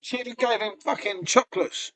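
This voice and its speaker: A middle-aged man talks loosely to his live-stream viewers, rambling from one thing to the next. He swears freely and laughs often, in a voice that sits fairly high for a man. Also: a little fast, pushed and bright. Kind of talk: casual chat to a live stream.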